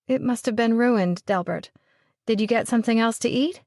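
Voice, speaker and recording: A caring young woman, read by a woman narrator, soft-spoken and anxious, reassuring in a gentle voice pitched a bit higher than the narration. Close, dry audiobook sound. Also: normal speed, no echo, lightly acted.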